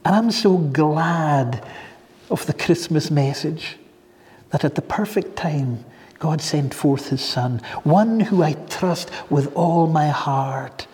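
An earnest male preacher with a fairly high, mellow voice. He speaks slowly, dwelling on key phrases as he tells his story. The sound carries a long reverb through a church hall. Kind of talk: sermon.

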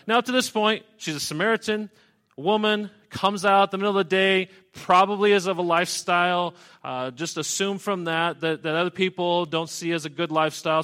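Higher-voiced man preaching conversationally. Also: a bit bright. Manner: conversational, explains scripture verse by verse with asides. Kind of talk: expository sermon.

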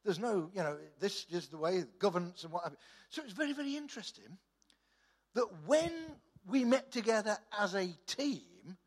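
A man's voice: sits high, lively intonation, normal speed. A middle-aged man, a church leader, tells anecdotes in a chatty sermon talk, often stumbling over his words and restarting. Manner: chatty storytelling with stammered restarts.

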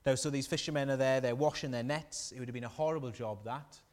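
A man preaching a sermon, animated and storytelling, asking the congregation questions. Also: medium pitch, quick pace, long reverb tail.

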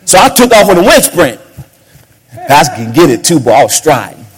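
A man preaching a sermon as a pastor, swinging between sudden shouts and hushed asides. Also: fairly high pitch, big pitch swings, brisk.

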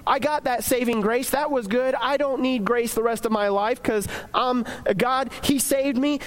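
High-voiced young man preaching casually. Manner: conversational, acts out imagined inner voices. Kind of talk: casual sermon.

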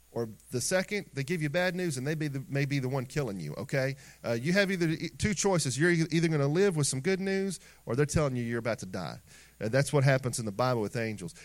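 A middle-aged man with a somewhat high voice delivers a lively sermon. He acts out little scenes in different voices, swinging between loud, excited stretches and quiet, reflective ones. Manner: animated preaching with acted asides and sung snippets. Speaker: pastor.

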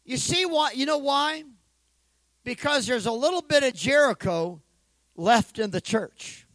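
Man, pastor, sermon, call-and-response, bright tense voice, dry sound. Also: very high-pitched, measured pace, no room sound, rough recording. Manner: energetic preaching, call-and-response with congregation; joking asides.

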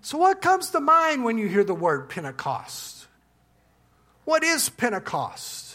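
High-pitched guy preaching in church, chatty storytelling, lots of restarts. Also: unhurried. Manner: relaxed storytelling with restarts and asides. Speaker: pastor. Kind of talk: sermon with a told joke.

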